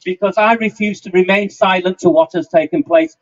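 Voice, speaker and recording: A man's voice: sits high, fairly even intonation, a little fast. A man, giving an angry, defiant speech at an outdoor demonstration. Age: 50s. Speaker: rally speaker. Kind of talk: impassioned outdoor rally speech. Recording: muffled lo-fi outdoor recording.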